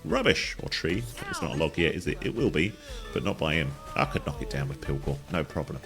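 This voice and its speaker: A man's voice: fast, music in the background. A man narrating a playful game walkthrough, joking and chatting to the characters as he plays. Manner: jokey, talks to characters in silly voices, jumps high in pitch. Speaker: gaming guide host.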